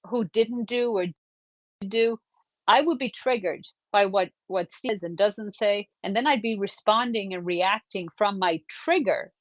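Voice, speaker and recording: A woman's voice: a little high, no room sound, muffled recording. A woman on a video call talking earnestly, giving direct advice about relationships. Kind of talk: casual advice chat.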